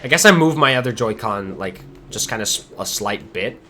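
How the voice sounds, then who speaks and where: Excitable man streaming a game. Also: fairly low pitch, normal speed, faint music behind. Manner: excitable, swears and laughs often. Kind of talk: casual gameplay commentary.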